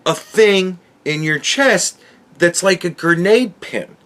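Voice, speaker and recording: A man's voice: high-pitched, slow, a bit bright. A man hosting a podcast, ranting in a casual and profane way, with exasperated outbursts and laughs. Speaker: podcast host reviewing a book.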